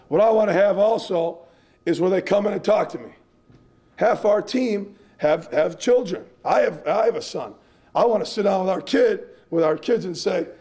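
A man's voice: sits high, dark tone. A man, a strength coach, giving a clinic presentation in an earnest, emphatic, repetitive way.

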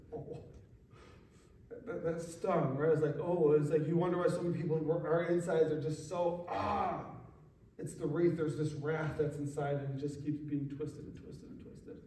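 Guy pastor joking around mid sermon, kinda high voice, big echoey church. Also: mellow. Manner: casual, joking, conversational preaching. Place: church sanctuary. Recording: echoey room from a distance.

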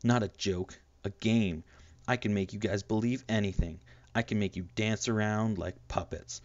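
A menacing, mocking older boy, voiced by a man reading aloud. The delivery is low and taunting, never far from threat. The sound is dull and lo-fi, dry and close. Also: steady tone, normal speed, no room sound, natural voice.

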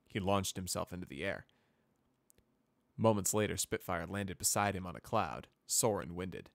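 A man narrating a fan fiction story in a steady, measured reading voice. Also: deep voice, creaky, dry recording, studio quality.

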